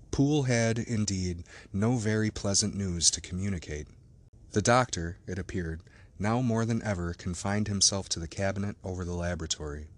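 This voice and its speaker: A man narrates a classic novel in a measured, even reading. His voice sits low and steady. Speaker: audiobook narrator. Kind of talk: scripted narration.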